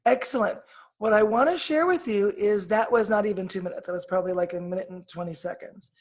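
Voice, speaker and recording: A woman appears as a healer guest, guiding a meditation and explaining energy work. Her medium-pitched voice is soft and measured, with a coaching tone.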